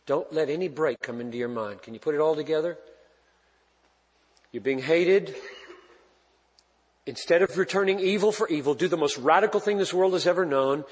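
A man preaching a sermon with passion, rising to loud emphatic peaks and dropping to quiet, intimate asides. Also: mid-range voice, a little slow, long reverb tail, poor audio. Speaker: pastor.

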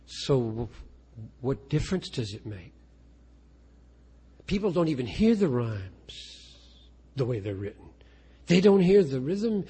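A man's voice: mid-range voice, sing-song, slow pace, pauses often, warm tone, slightly rough. A man, a pastor, talking earnestly and self-deprecatingly about writing poetry, often restarting his sentences. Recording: long reverb of a large hall.

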